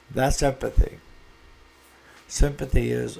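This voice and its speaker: A man's voice: medium pitch, measured pace, vocal fry, darkish tone. A man who owns a small engine repair shop, talking casually to camera and giving earnest, folksy advice.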